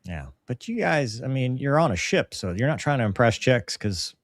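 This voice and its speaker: Man, wry teasing co-host, reads comments, mid-low voice, dry close sound. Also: very animated, normal speed, no echo. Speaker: co-host reading viewer comments. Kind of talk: casual chat.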